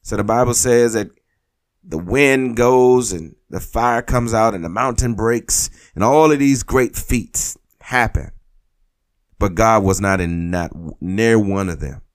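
Male preacher, somewhat low voice, delivers an exhortative sermon with emphatic repetition. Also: slow. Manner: exhortative, repeats phrases for emphasis.

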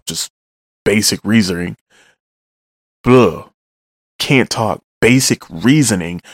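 A man with a low voice talks through manga chapters in a loose, joking way, with offhand asides and some swearing. His voice sits dry and close, with no room sound around it. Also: a bit bright, no room sound. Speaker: manga reader and recapper. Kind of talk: casual chapter recap.

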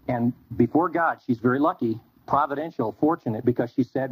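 A man teaching a Bible class, telling stories in an animated way and acting out bits of dialogue. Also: mid-range voice, normal speed, hardly any pauses, husky. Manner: animated storytelling with quoted dialogue. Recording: dull lo-fi recording.

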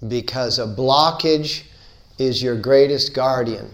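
Man lecturing on spiritual life, slow delivery, rhythmic repetitive phrasing. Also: medium pitch. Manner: unhurried, repetitive, playful build-ups. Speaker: spiritual teacher.

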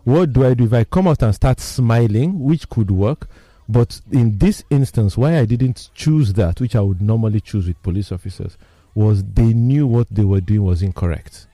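A man, telling personal stories in casual talk as he explains a topic, animated and emphatic. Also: on the low side, normal speed, no echo. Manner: animated storyteller, lively and emphatic.

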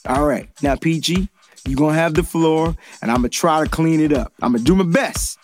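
Animated high-voiced male sports host. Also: moderate pace, soft background music. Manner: animated and emphatic, repeats points. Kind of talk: casual sports commentary.

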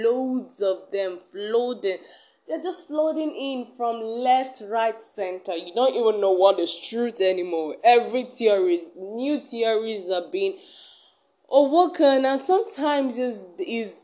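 A woman's voice: on the high side, a little mellow. A young adult woman hosting her own vlog, talking in a chatty, earnest way and often restarting her sentences. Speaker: vlog host. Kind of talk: casual self-talk vlog.

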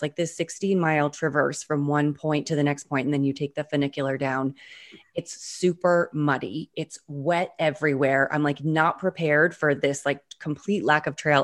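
Low-voiced woman telling a hiking story. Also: normal speed. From Utah. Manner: animated, frequent "like". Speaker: guest. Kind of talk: storytelling interview. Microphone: video call.

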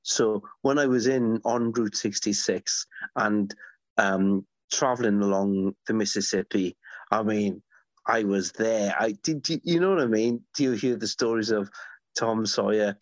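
A man's voice: on the low side, unhurried, dry recording, dull audio. Enthusiastic rambling middle-aged man. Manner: enthusiastic, rambling storyteller with many restarts. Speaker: guest, author. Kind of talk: conversational podcast interview.

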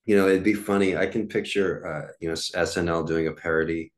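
A man's voice: sits low, fairly even intonation, a little fast. A man in his forties hosting a casual solo podcast, rambling with lots of fillers and restarts. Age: 40s. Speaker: podcast host.

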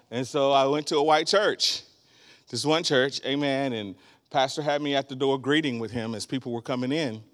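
A man in his sixties preaching a sermon as a guest, animated, breaking into laughter and shouts. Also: medium pitch, normal speed.

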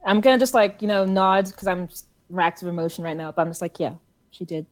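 A woman's voice: mid-range voice, quick pace. A woman playing a tabletop role-playing game, talking casually with lots of fillers. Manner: chatty, fillers like "like". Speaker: player.

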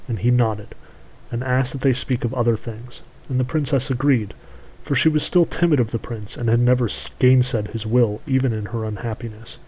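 A man reading a long fairy tale aloud in measured, unhurried storybook narration. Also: mid-range voice, steady tone, dark tone, breathy edge, rough recording.

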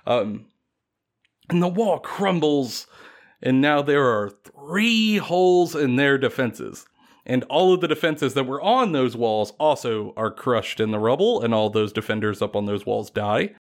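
A man casually retelling a fantasy battle story on a podcast, animated and laughing often. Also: mid-range voice, unhurried.

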